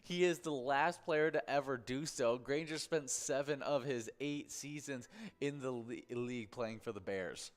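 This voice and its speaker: A man's voice: medium pitch, a little slow. A man hosting a bingo livestream, chatting casually and reading out celebrity birthdays with many fillers and restarts.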